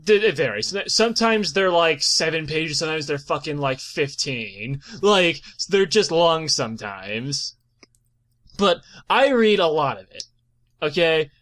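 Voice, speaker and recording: A man's voice: on the high side, measured pace. A man hosting a podcast, ranting in casual chat, swearing a lot and laughing as he goes. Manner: animated profane ranting with frequent laughs. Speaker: podcast host.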